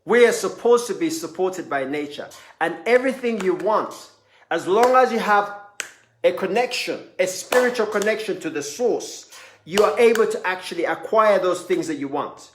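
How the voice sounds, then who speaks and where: A man giving a motivational sermon, telling a story with rising intensity and shouting at the peaks. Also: sits high, animated, moderate pace, echoey room, background noise. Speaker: speaker.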